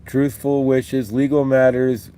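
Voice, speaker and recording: Man, host, live-stream spiritual talk, rambling, upbeat, mid-pitched voice, guided affirmations. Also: flat delivery, slow pace, warm tone, smooth. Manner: rambling, upbeat, leads repeat-after-me mantras.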